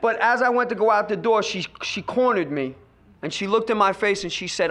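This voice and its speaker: A man telling his recovery story to a meeting, in a high, bright, ringing voice. He acts out the voices of people in his story and swings from loud bursts to near whispers. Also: a little fast. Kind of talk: personal testimony at a recovery meeting.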